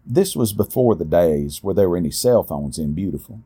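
A middle-aged man telling a personal story in a folksy, unhurried way. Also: deep voice, lively intonation, warm tone, husky. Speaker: storyteller, podcast host. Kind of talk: storytelling narration.

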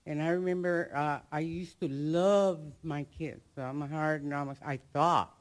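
A man in the audience sharing a personal testimony, halting and reflective. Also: on the high side, steady tone. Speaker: audience member.

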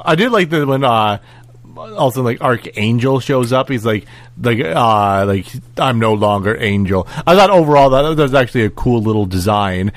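Male co-host, expressive and giggly recapper, very lively intonation, dry close mic. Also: mid-range voice, moderate pace, no room sound. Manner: animated, acts out character lines, giggly. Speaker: podcast co-host. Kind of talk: casual review chat.

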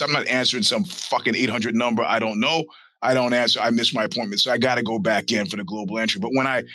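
A man's voice: mid-range voice, bright, forceful tone, dry recording, low-quality recording. A male podcast host telling rambling, profane stories in a casual monologue and acting out the people he quotes. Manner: profane storytelling with put-on quoted voices.

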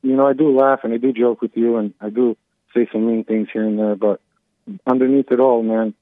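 A man's voice: mid-range voice, steady tone, brisk, no echo. A man in his forties from upstate New York, calling in and rambling, needling the host and repeating himself. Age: 40s. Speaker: caller. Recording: tinny phone line.

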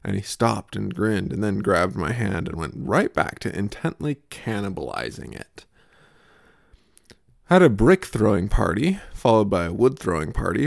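A young adult man hosting a podcast, reading scripted comic anecdotes with absurd deadpan humor. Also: fairly low pitch, moderate pace, creaky, no echo, studio quality. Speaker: podcast host.

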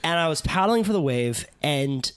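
Reflective man telling a story, somewhat high voice. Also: lively intonation, normal speed, clear, resonant tone, no room sound. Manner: reflective storyteller, trails off softly. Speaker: podcast host. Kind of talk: casual podcast conversation.

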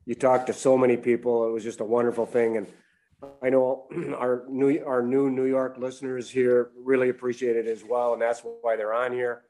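Older man reminiscing in a mellow voice. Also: mid-range voice, little pitch movement, moderate pace. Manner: reminiscing, earnest storyteller. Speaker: sportswriter co-host. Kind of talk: casual podcast talk.

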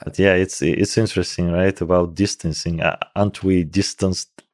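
A man's voice: low-pitched, steady tone, moderate pace, darkish tone, no echo, clean studio sound. A man in his forties from Russia with a thick Russian accent, a scientist talking in an interview with many fillers and restarts. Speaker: guest scientist. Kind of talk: casual interview conversation.

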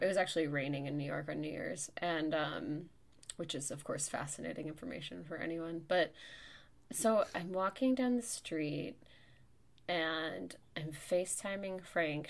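Woman podcast host, lowish voice, animated storytelling, casual chat. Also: vocal fry. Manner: animated, gets louder and higher as the story heats up. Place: New York.

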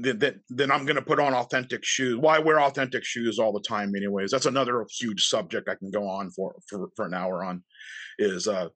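A man's voice: medium pitch, fairly bright tone, no room sound. A man in his fifties chats as a podcast guest and keeps tripping over his words, repeating them before he gets going. The sound is close and dry, with no room around it. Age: 50s. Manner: stammering, repeats words, laughs often. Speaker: reenactment group leader, podcast guest. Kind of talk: casual interview chat.

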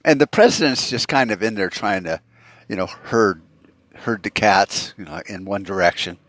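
A man's voice: fairly low pitch, normal speed, a bit bright, dry recording. A man hosting a solo podcast rant, profane and rambling, full of fillers and restarts. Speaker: podcast host.

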